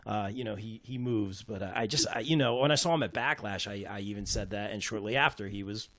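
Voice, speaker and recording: A man's voice: lowish voice, a little fast, a bit bright, no echo. A man hosting a casual podcast panel, easygoing and loose, full of fillers and friendly asides. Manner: easygoing, lots of fillers like "you know" and "man".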